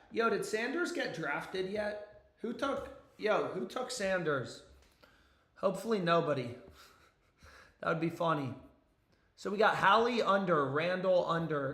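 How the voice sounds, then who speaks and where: A young man talking casually and profanely on a live stream about sports bets, rambling and getting excited as he goes. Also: fairly high pitch, roomy sound. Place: home basement.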